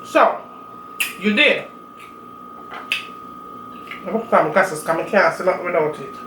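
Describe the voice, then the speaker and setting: Unhurried and animated, a Jamaican woman with a low-sitting voice and strong accent chats with her cooking channel viewers between bites of food. A distant mic picks up roomy echo and faint room noise.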